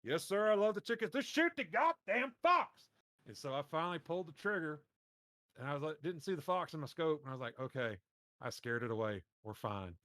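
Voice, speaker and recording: A man from Mississippi, telling a profane, animated story on a casual podcast. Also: on the high side, fast talker, no echo, clean studio sound. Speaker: podcast co-host.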